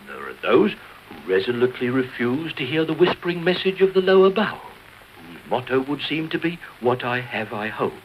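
A man's voice: mid-range voice, sing-song, fairly quick, natural voice. A man playing a solemn health-talk announcer. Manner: solemn, earnest lecturing. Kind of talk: parody radio health talk. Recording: dull old broadcast with faint hiss.

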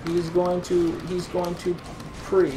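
A man's voice: high voice, completely flat delivery, slow pace, background noise. A young man commenting on a video game with friends, cracking crude jokes and talking over the others. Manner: joking, crude quips, talks over others. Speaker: let's play commentator. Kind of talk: casual gameplay banter.

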